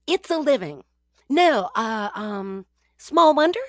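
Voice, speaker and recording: High, lively female radio co-host. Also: slow, no echo, clean studio sound. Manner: playful, deadpan jokes. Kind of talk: comedic radio banter. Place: radio studio.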